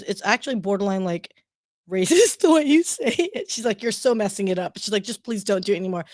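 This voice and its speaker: A woman's voice: medium pitch, no echo, clean studio sound. A woman co-hosting a live stream over a video call, teasing her partner playfully and laughing mid-sentence. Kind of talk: casual live stream chat.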